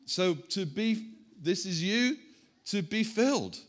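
A man preaching a sermon, animated and self-mocking, chatting with the congregation as he works through a demonstration. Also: sits high, takes it slowly. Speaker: pastor. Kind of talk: sermon with props. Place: church hall.

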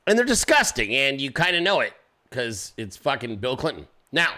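A man hosts his own podcast with loose, profane commentary, joking and swearing through his stories and acting out voices in the anecdotes. His voice is medium-pitched and sharp, swinging widely in pitch at a normal speed.

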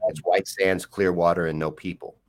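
Homem de voz muito grave, conversa descontraída. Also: male voice, deep voice, little pitch movement, moderate pace. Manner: playful, teasing, rambling. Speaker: podcast co-host. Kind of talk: casual joking chat.

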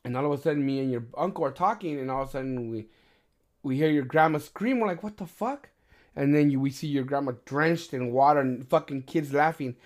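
Middle-aged male host, casual storyteller, heavy cursing, animated retellings. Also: mid-range voice, fast. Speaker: podcast host. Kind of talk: casual chat.

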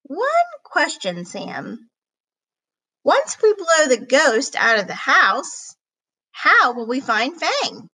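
A woman voicing a brisk young girl. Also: high-pitched, very animated, bright, forceful tone, exaggerated voice, rough recording. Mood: matter-of-fact. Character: practical, bossy young girl.

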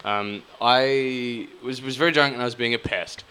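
Young Aussie guy, bright forceful voice, sweary animated storyteller, podcast co-host. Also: mid-range voice, normal speed, smooth. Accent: Australian. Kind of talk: casual chat.

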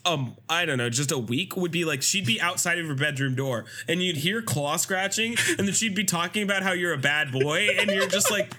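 A young man co-hosting a podcast, telling animated, swearing jokes in casual chat. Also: high-pitched, brisk, hardly any pauses, slight background noise. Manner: animated, swearing, joking storyteller. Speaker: podcast co-host.

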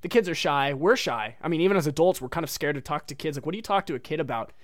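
A man's voice: a little high, lively intonation, fast, dry recording, studio quality. A young man hosting a podcast, telling a casual rambling story full of "like" and "dude.". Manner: rambling, heavy use of "like" and "dude". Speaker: podcast host.

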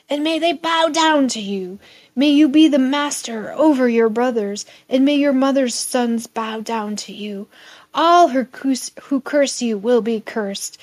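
An aged father pronounces a solemn blessing over his son, read aloud by a woman. The voice is lifted above her usual speaking pitch, expressive and dramatic, delivered as in a storybook reading.

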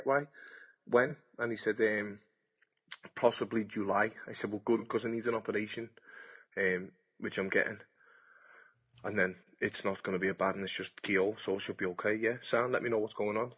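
A man's voice: fairly low pitch, slightly rough. A man, a boxer talking frankly and bluntly in a casual podcast interview, swearing freely and acting out past conversations. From Britain. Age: 30s.

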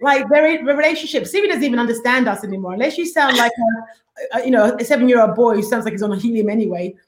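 A woman co-hosting a podcast, chatting casually and telling stories quickly and animatedly. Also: on the high side, echoey room, slight background noise. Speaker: podcast co-host. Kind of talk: casual chat.

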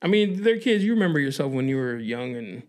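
A young adult man chatting as a podcast guest, joking and quick to laugh. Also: medium pitch, sing-song. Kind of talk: casual chat.

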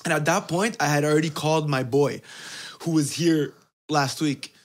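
A man's voice: on the high side, steady tone, moderate pace. A man hosting a casual podcast, telling a story with heavy swearing and quoted voices. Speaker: podcast host.

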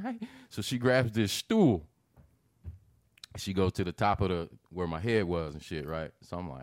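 A man telling a long funny story in casual chat, animated and profane, jumping into high-pitched quoted reactions. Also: moderate pace, no echo, clean studio sound.

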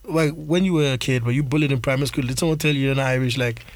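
A Nigerian man living in Ireland, animated and chatty, acting out the voices of people in his stories during a casual talk. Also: medium pitch, racing, slight background noise. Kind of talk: casual storytelling chat.

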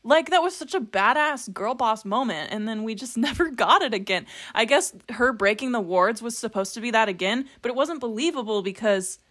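A woman's voice: a little high, expressive, fairly quick, hardly any pauses, fairly bright tone. Chatty young woman with wry asides. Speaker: podcast co-host. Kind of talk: casual book discussion.

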